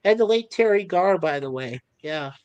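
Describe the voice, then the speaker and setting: A man's voice: high voice, animated, normal speed, darkish tone, smooth, dry recording, dull audio. A man hosting a live stream, chatting casually and reading viewer comments aloud in a rambling, easygoing way, laughing easily.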